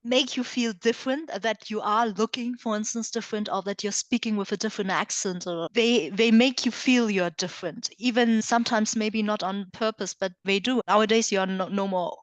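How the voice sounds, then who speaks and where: A woman guest in an interview, speaking candidly in a halting way, often repeating words as she searches for them. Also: mid-range voice, steady tone, no echo.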